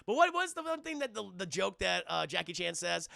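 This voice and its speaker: A man streaming live, recapping a movie scene by scene, animated and profane, acting out the scenes. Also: sits high, a little fast, gravelly, few pauses, dry recording, clean studio sound.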